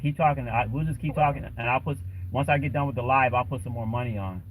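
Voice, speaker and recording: Speaking quickly at a medium pitch, this livestream host wanders through his talk, restarting often and leaning on fillers. There's slight background noise, and the audio quality is rough.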